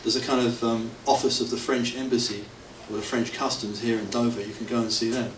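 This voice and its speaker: A man's voice: mid-range voice, flat delivery, a little fast. Chuckling man in an echoey hall. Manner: chuckling, rambling, self-mocking. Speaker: devotee telling stories at a temple anniversary. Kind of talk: anecdotal storytelling to an audience. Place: temple hall. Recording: roomy, distant hall mic with faint hiss.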